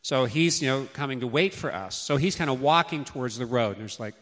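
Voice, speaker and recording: A man's voice: mid-range voice, animated, fairly quick. A man in his fifties giving a sermon on parenting, telling family stories and acting out how he called his children. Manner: storytelling, acts out calls to his children loudly. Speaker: preacher. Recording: long hall reverb.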